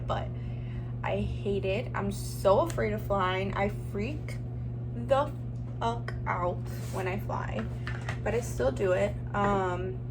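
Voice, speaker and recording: A woman's voice: medium pitch, background noise. A young woman vlogging in a rambling, candid way, with many "like"s, while she does her makeup at home. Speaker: beauty vlogger. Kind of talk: casual chat while doing makeup.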